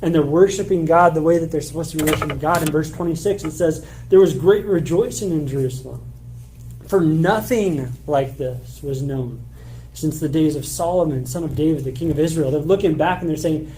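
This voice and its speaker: A man's voice: on the high side, fairly quick, mellow, poor audio. A man preaching a sermon in a church, reading scripture aloud and explaining it in a loose, conversational way. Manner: conversational, casual filler words; reads scripture passages aloud. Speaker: pastor.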